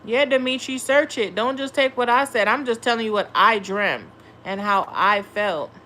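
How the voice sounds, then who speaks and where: A woman's voice: a little high, moderate pace, bright, forceful tone, slight background noise. A young woman hosting a tarot livestream, chatting casually and bluntly with viewers, cursing freely. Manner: blunt, profane, talks back to chat.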